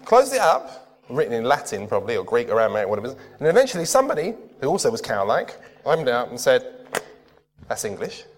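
A man's voice: medium pitch, wildly swooping pitch, fast, long reverb tail. A man preaching a sermon in a casual, conversational way, often putting questions to his listeners. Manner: conversational, asks the crowd questions.

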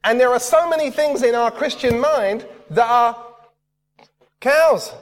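A man's voice: very high-pitched, normal speed, big-room sound. A man preaching a sermon in a casual, conversational way, often putting questions to his listeners. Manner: conversational, asks the crowd questions.

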